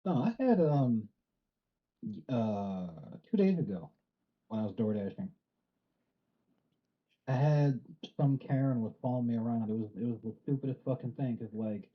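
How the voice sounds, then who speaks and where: A man chatting on a game stream, telling stories in an animated, heavily profane way. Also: mid-range voice, normal speed, long pauses. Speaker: co-player on a stream. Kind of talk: casual gaming chat. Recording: slightly muffled lo-fi mic.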